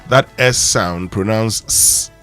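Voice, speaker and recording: A man's voice: on the low side, slow, fairly bright tone, faint music behind. Ghanaian man hosting morning radio. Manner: easygoing, with many fillers. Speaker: radio morning show host. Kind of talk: radio talk and newspaper review. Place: radio studio.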